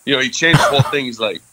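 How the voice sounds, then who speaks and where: A man's voice: medium pitch, sharp tone, rough recording. A man from France in his thirties, a guest casually telling a candid story with many fillers and casual swearing.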